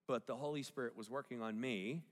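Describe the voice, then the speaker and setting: A pastor in middle age talks at a fairly quick pace in a medium-pitched voice. His sermon centers on a family story, sprinkled with jokes and frequent questions for the congregation, recorded with long reverb in a church sanctuary.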